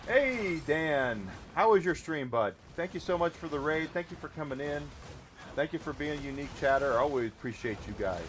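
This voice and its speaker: A man's voice: a little high, expressive, a little fast, a bit bright, slight background noise. Chatty male game streamer. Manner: chatty, thanks viewers while playing. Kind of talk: casual live-stream commentary.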